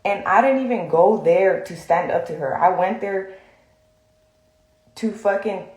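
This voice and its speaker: A woman's voice: mid-range voice, a little slow, a little mellow. Blunt, profane woman venting in an echoey room. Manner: blunt, profane, rambling with many fillers. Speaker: social media vlogger. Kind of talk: heated direct-to-camera rant.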